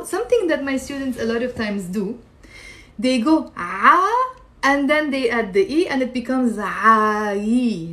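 A woman with a Lebanese accent teaching Arabic pronunciation, patiently demonstrating throat sounds and checking in with "okay?". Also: fairly high pitch. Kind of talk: pronunciation lesson. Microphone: video call.

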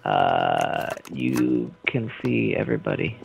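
A man's voice: rumbling low, wildly swooping pitch, slow pace, creaky, background noise. A young man chatting casually during an online game, dry and coaxing. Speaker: gamer. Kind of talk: casual gaming chat.

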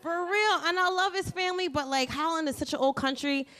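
Brash, high-voiced woman doing stand-up. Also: fairly quick, fairly bright tone. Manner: brash, profane, sassy delivery. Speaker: stand-up comedian. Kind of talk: stand-up comedy set. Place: comedy club stage. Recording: live club audio with crowd noise.

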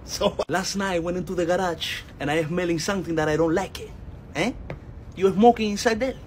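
A man's voice: sits high, fairly quick, slight background noise, low-quality recording. Teasing man. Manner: teasing, broken English, mock lecturing. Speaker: comedian. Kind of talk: comedic skit monologue.

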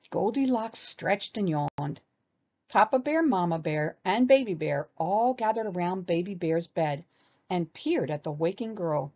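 A woman reading a children's storybook aloud with animated expression. Her voice is low, with lively rises and falls. The recording sounds dull and lo-fi. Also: a little slow.

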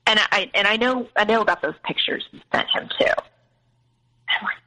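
Sharing a painful family experience as a guest, a young woman speaks candidly and voices others' words herself. She sounds a little high and animated, with a moderate pace and a sharp tone, though the audio is poor.

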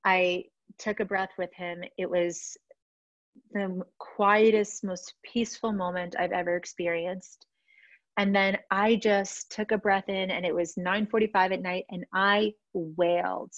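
A woman's voice: mid-range voice, fairly even intonation, unhurried, no echo, dull audio. A middle-aged woman from a Russian-speaking family, teaching about emotions and self-care in a candid, emotional way with many restarts. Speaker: positive psychology teacher. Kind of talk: personal teaching talk to a group.

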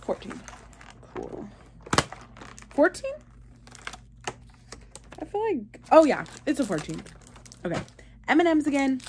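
Young woman, casual vlogger, playful and animated delivery, noisy handheld sound. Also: sits high, brisk. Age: young adult. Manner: chatty and playful, talking to the camera. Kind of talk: casual vlog chat.

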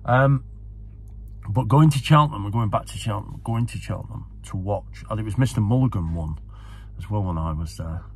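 A man's voice: fairly low pitch, fairly quick, breathy edge. A man talking casually to camera, enthusiastic and rambling, often repeating himself as a horse racing tipster.

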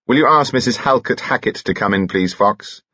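A man voicing a calm, formal police inspector who questions in a quiet, matter-of-fact way in an audiobook. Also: on the low side, brisk, dry recording, muffled recording, voice pushed up.

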